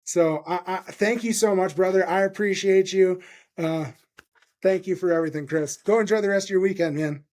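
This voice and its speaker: Excitable swearing podcast host. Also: male voice, high-pitched, normal speed. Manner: enthusiastic, profane, rambling with many fillers. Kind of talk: casual interview chat.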